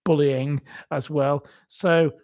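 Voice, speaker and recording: A man's voice: fairly high pitch, little pitch movement, takes it slowly, darkish tone, no echo. A man hosting his own commentary channel, talking in a theatrical, indignant monologue with exaggerated swoops of emphasis. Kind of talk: opinionated monologue.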